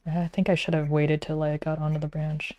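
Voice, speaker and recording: A woman's voice: deep voice, level tone, a little fast, mellow. A woman, talking to herself while streaming a frustrating game, muttering and sometimes whispering. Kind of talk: casual gameplay commentary.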